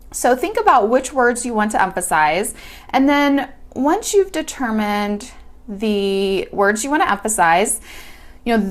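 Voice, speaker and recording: A woman teaching a hand-lettering lesson, talking casually and chattily while she sketches and explains each step. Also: mid-range voice. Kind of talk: casual hands-on tutorial.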